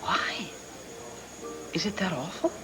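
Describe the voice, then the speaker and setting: An actress playing a worried wife, soft-spoken and pleading. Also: female voice, lowish voice, lively intonation, slow pace, soft background music, full character voice. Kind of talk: daytime soap acting.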